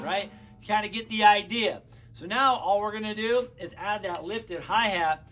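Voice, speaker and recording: A man's voice: high-pitched, normal speed, over loud music. A man giving a casual drum lesson, counting beats aloud and sounding out rhythms. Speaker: drum teacher. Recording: loud drum kit playing behind. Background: drum kit.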